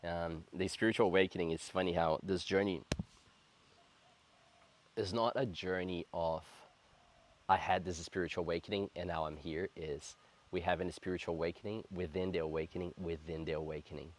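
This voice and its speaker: Low-voiced earnest man in his thirties. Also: fairly even intonation. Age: 30s. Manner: earnest, reflective, slow and heartfelt. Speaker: spiritual coach. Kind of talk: personal spiritual storytelling to camera.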